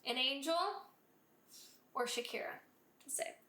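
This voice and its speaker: A podcast co-host tells stories in easygoing chat, vividly acting out quotes in her high voice. She takes her time, and the recording is reverberant.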